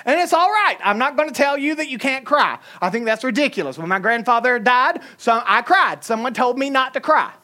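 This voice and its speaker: Southern-accented woman preacher, humorous and emphatic sermon delivery, very animated pitch. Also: a little fast, few pauses. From Southern United States. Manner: animated, humorous, emphatic, swings between loud and soft.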